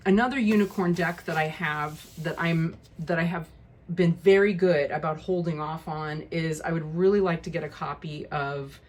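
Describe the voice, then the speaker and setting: Husky-voiced woman, frank and chatty. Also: deep voice, moderate pace. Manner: frank, exasperated, lots of ums and restarts. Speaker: tarot video creator. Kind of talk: casual deck walkthrough.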